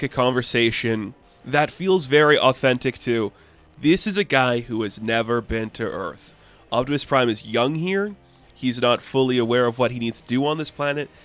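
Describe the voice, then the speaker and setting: A man's voice: mid-range voice, a bit bright. A man casually recapping a comic book, rambling with lots of fillers and briefly acting out the characters' lines.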